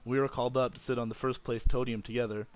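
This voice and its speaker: A man's voice: mid-range voice, level tone, fast talker. A twenty-year-old man telling a personal story to his viewers, candid and self-mocking, often restarting and repeating phrases. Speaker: vlogger.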